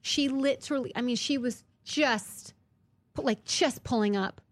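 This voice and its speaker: A woman in her thirties tells a story in casual chat, her voice sitting on the higher side. She restarts her sentences often and grows animated as she goes. The sound is dry and close to the mic. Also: measured pace, dry recording. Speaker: guest.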